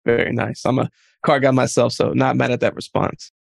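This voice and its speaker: A male co-host asks his questions in a relaxed, friendly way. His voice has a gravelly edge. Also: medium pitch, fairly quick. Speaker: podcast co-host. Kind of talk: casual interview.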